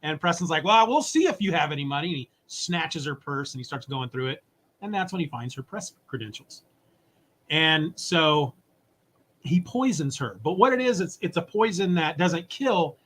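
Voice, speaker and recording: A man co-hosting a podcast, casually and animatedly retelling a comic story and briefly acting out its characters. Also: a little high. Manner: animated retelling, voices characters in quick asides. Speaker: podcast co-host. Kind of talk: casual comic recap chat.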